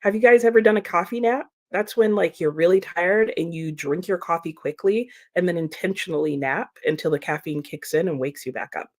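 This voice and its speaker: A woman's voice: lowish voice, fairly quick, few pauses. A woman hosting a book livestream, chatting casually and laughing often as she reads out viewer comments. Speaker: booktube host reading chat comments.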